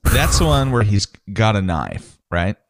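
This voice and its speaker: Laughing podcast co-host with swooping pitch. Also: male voice, unhurried. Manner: laughing, joking, lively swings in pitch. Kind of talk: casual podcast banter.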